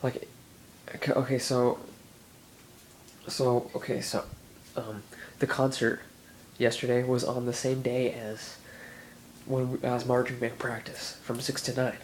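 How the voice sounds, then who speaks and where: Stuffy-nosed young man rambling, flat voice. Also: medium pitch, measured pace, long pauses, a little hiss or hum. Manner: rambling, full of "dude" and "like", many restarts. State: sick with a stuffy nose. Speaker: vlogger. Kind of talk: casual chat.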